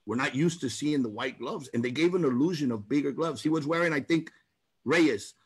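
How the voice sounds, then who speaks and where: Male promoter, animated storyteller, higher husky voice. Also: a little fast. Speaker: boxing promoter telling a story. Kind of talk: casual storytelling on a talk show.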